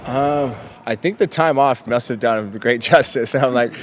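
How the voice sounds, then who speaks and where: A man's voice: mid-range voice, normal speed, a little hiss or hum. A football player answering press questions casually, joking and laughing as he repeats "I'm like".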